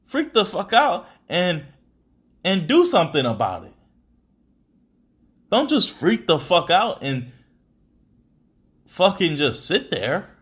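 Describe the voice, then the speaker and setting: A man's voice: high voice, wildly swooping pitch, takes it slowly, long pauses, fairly bright tone, breathy edge. A young adult man hosting a podcast, talking in casual, rambling chat full of slang and swearing. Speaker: podcast host.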